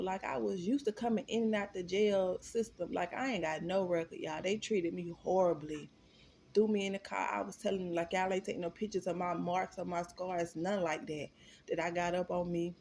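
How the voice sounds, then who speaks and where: A woman's voice: on the low side, normal speed, darkish tone. A young woman from Florida telling a personal story to her viewers in a candid, profane way, often calling them y'all. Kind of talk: casual storytime vlog.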